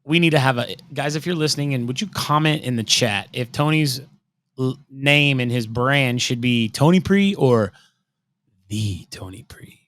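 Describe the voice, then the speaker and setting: A man in his thirties co-hosts a podcast from a room at home over a video call, speaking in a mid-range voice at a moderate pace. His casual chat rambles, stays animated, and often slips into silly accents.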